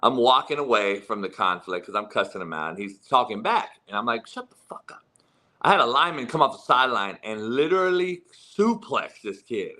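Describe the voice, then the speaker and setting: Middle-aged male sports-talk host, bright edge, blunt and foul-mouthed, laughs often. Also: medium pitch, expressive, fairly quick, hardly any pauses. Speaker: football coach and podcast host. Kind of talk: profane casual sports talk.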